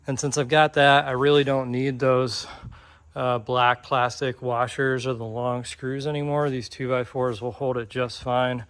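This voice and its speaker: A man talks through his workshop project in a loose, unscripted way. His voice sits at an ordinary middle pitch, and he often pauses on ums and restarts his sentences. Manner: relaxed, rambling, with frequent ums and restarts. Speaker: DIY vlogger. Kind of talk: casual walkthrough narration. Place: pole barn workshop.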